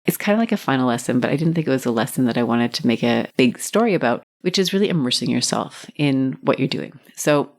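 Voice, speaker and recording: Low-voiced woman podcast host. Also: expressive, fast, few pauses. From Canada. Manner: warm encouraging advice. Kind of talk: solo podcast talk.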